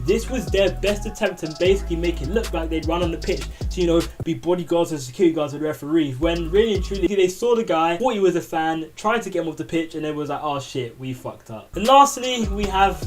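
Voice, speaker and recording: A young man rattles through his commentary at speed, his voice sitting a little high for a man. He rambles and jokes at his own expense, with music playing clearly underneath him. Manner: chatty, rambling, self-deprecating. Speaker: commentary YouTuber host. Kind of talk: casual commentary. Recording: music bed behind the voice.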